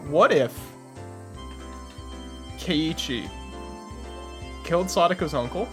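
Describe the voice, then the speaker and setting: Playful man with lively pitch. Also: slow pace, over music. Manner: playful, joking theorizing. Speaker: let's play host. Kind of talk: casual game commentary.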